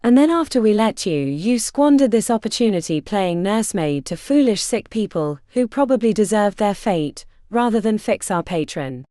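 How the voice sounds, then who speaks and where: A woman voicing a stern eldest witch sister who speaks low and mean, in an audiobook. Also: expressive, normal speed, few pauses, dark tone, dry recording, studio quality, natural voice. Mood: contemptuous.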